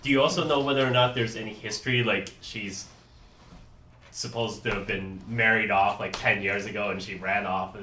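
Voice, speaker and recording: Bright-voiced man asking from across the room. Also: on the low side, steady tone, moderate pace, far from the mic, slight background noise. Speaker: player. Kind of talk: casual tabletop play. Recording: echoey room, from off the mic.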